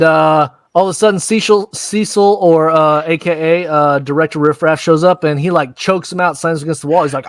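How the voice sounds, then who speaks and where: A man's voice: fairly high pitch, steady tone, no echo. Man, American, casual recap host, acts out characters, crude, dry room. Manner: rowdy, acts out scenes in quick voices. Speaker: podcast host recapping a show.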